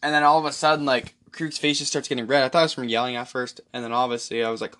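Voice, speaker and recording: A man hosting a solo podcast, rambling excitedly and profanely through a movie recap. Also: medium pitch, rapid-fire. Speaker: podcast host.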